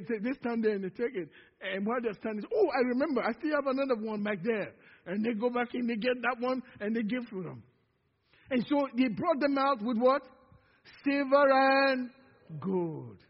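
A male pastor preaching a sermon with call-and-response, stretching out words for emphasis. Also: very high voice. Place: church sanctuary. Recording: dull lo-fi sound in a reverberant church hall.

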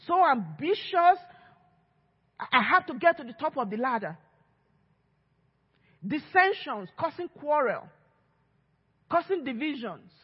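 A woman's voice: high voice, sing-song, unhurried, pauses often. Woman preaching in an echoey hall. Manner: emphatic preaching, acts out quoted voices. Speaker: lead pastor. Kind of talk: sermon. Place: church sanctuary. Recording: echoey church hall, dull lo-fi sound.

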